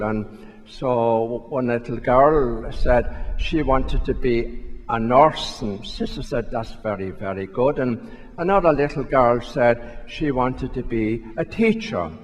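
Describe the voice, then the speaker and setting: A priest with a medium-pitched voice gives a sermon in a large church, telling a story in a conversational, self-questioning way and repeating himself. The long reverb of the church hall fills the recording.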